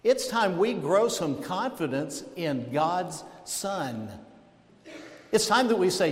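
A pastor with a high-pitched, very animated voice preaches a sermon in a church sanctuary. His emphatic delivery is punctuated by dramatic pauses, and the echoey hall gives the recording a long reverb.

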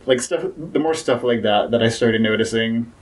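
A man's voice: mid-range voice, moderate pace, low-quality recording. A young man as a podcast guest, talking casually with many fillers and restarts.

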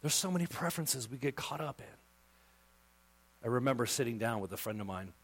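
A male pastor preaching a sermon with passion, dropping to a hush and then rising to loud emphasis. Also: medium pitch, lively intonation, brisk, breathy edge. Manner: impassioned, swings from hushed to loud emphasis.

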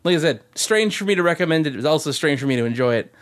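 A man's voice: on the high side, lively intonation, very fast. A man co-hosting a podcast, telling rambling stories in casual chat with lots of swearing and laughter. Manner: rambling, profane, laughing storyteller. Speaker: podcast co-host.

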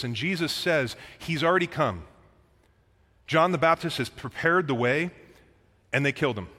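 A man's voice: mid-range voice, bright, forceful tone. A man preaching a conversational sermon, reading scripture aloud and explaining it to the congregation. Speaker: pastor. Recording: long reverb of a hall.

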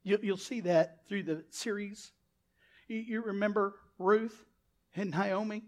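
Animated male preacher. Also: sits high, measured pace. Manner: animated preaching, loud bursts and acted-out quotes. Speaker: pastor. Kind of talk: sermon.

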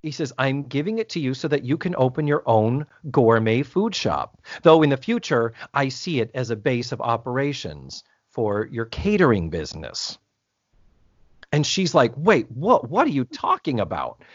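A podcast co-host with a mid-range voice and big pitch swings talks at normal speed, with no room sound in the dull, lo-fi, dry recording. He casually recaps a TV episode, acting out the characters' lines and swearing freely.

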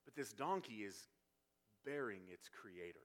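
A man's voice: lowish voice, lively intonation, unhurried. A man preaching a sermon, explaining scripture verse by verse and building to emphatic passages. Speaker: pastor.

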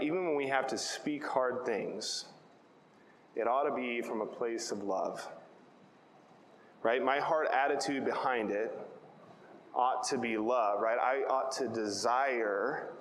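A man preaching in a relaxed, conversational way who keeps checking in with "right?" and tells family stories. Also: mid-range voice. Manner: checks in with "right?" after nearly every point. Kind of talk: conversational Bible teaching. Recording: echoey hall with long reverb, faint hiss.

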